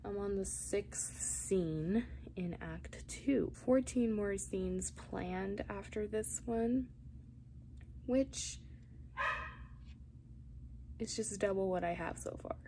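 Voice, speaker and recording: A woman's voice: medium pitch, slow pace, pauses often, dark tone, a little hiss or hum. A young woman chatting to camera about her writing, thinking aloud and rambling, sometimes dropping to a whisper. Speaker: writing vlogger. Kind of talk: casual chat to camera.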